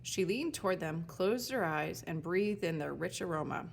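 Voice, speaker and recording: A woman narrating a children's storybook chapter in an even, clear storytelling manner. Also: on the low side, moderate pace, slight background noise. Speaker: audiobook narrator.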